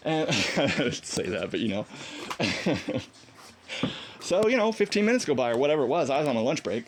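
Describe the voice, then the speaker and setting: A man telling a story in a casual monologue, animated and defiant, acting out quoted dialogue in a higher voice and laughing often. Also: moderate pace, a little hiss or hum. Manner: defiant, combative. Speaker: vlogger.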